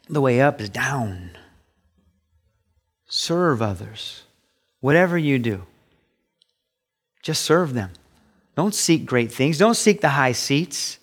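A middle-aged man preaching a sermon as pastor, emphatic, rising high when he acts out voices. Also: fairly bright tone. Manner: emphatic preaching, pitch rising sharply on quoted asides.

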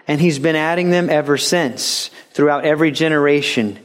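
A male pastor preaching a sermon, animated and acting out little dialogues and mimicking voices for laughs. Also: fairly high pitch, fairly quick, few pauses.

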